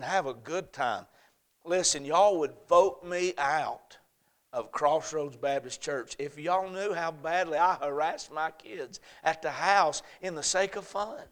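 Folksy preacher, high bright voice. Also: male voice. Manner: folksy, joking, swings from quiet asides to loud emphatic bursts. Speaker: pastor. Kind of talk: sermon.

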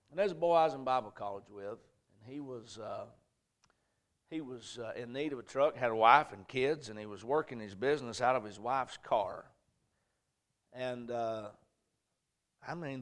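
Southern pastor telling folksy stories. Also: male voice, medium pitch. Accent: Southern American. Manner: folksy, rambling, swings between quiet and loud. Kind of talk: sermon storytelling. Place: church.

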